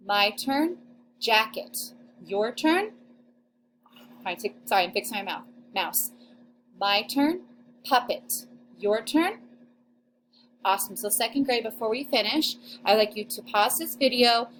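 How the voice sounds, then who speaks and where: Teacher woman sounding out syllables slowly. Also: on the high side, a little hiss or hum. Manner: slow, exaggerated sounding-out of syllables. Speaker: second grade teacher. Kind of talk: recorded phonics lesson for children.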